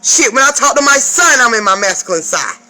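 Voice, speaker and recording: A woman's voice: on the high side, expressive, fairly quick, bright, forceful tone, rough recording. Woman, spiritual advisor, profane emphatic vlog rant, piercing tense voice, faint music behind. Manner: profane, emphatic, keeps checking in with "okay?".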